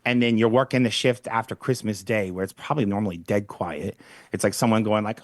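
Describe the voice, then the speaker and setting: A man co-hosting a true-crime podcast in casual chat, rambling with wry deadpan asides on a close mic. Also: on the low side, a little fast, no echo. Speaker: podcast co-host.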